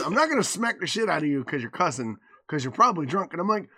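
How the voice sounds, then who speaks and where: A man, a podcast co-host telling a story in casual chat, acting out the quoted lines with loud swings and a mouthy, cussing manner. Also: a little high, big pitch swings, fast talker, few pauses, breathy edge.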